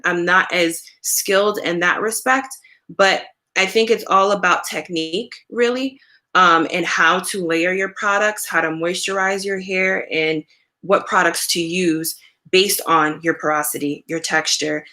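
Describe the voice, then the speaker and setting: Bright-voiced woman hosting a chatty live stream. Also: fairly low pitch. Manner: conversational, relaxed, many fillers like "um" and "you know"; answers viewer questions from chat. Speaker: natural hair care host.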